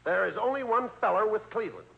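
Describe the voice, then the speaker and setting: A male straight man in an old radio comedy routine, explaining things briskly and with mounting exasperation. His fairly high voice is lively and gravelly, heard on a muffled, faintly hissy broadcast recording.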